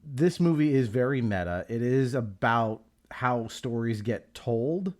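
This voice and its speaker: A man's voice: mid-range voice, expressive, measured pace, darkish tone. A middle-aged man hosting a podcast, talking in a reflective, enthusiastic way with a lot of "like" fillers. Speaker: podcast host. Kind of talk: casual chat.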